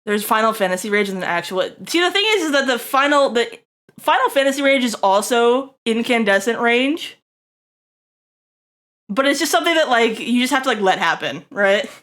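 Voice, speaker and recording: Young woman streamer just rambling to chat, swears, laughs, kinda high pitched. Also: expressive, normal speed, a bit bright. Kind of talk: casual live-stream chat.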